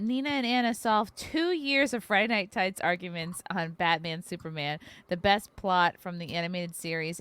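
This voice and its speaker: A woman hosting a podcast, with a wry, teasing delivery as she reads viewer messages and jokes with her guests. Her voice sits at a middle pitch. The sound is dry and close, with no room echo. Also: fairly bright tone. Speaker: podcast host reading super chats. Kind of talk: casual chat.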